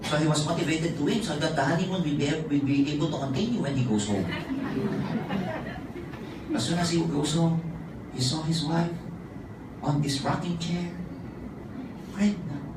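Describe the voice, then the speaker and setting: A man's voice: fairly high pitch, moderate pace, long pauses, a loud crowd. A man giving a rousing, repetitive motivational sales presentation to a hall audience. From Philippines. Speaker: business presenter. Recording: echoey hall from far off with noise.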